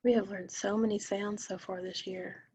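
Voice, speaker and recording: A woman teacher leading a phonics lesson for young children, modeling words slowly and deliberately. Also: mid-range voice, little pitch movement, darkish tone, husky, no room sound. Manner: slow, deliberate word-by-word modeling.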